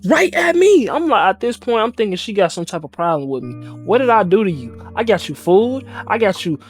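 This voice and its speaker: A man's voice: sits high, a little fast, faint music behind. A young man telling a personal story in casual slang, acting out the other people in it. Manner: animated, slangy, acts out voices.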